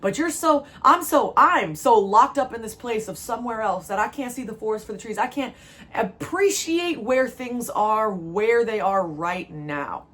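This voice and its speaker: A woman's voice: on the high side, lively intonation, a little slow, fairly bright tone. A woman from New Jersey giving a spiritual pep talk as a tarot reader, emphatic and repetitive. She is emotional and near tears, and she keeps calling the listener "baby.".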